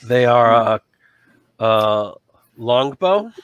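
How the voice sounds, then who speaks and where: A man's voice: medium pitch, expressive, extremely slow, fairly bright tone, smooth, no room sound, muffled recording. A man running a tabletop role-playing game, narrating loosely and correcting himself as he goes. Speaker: game master.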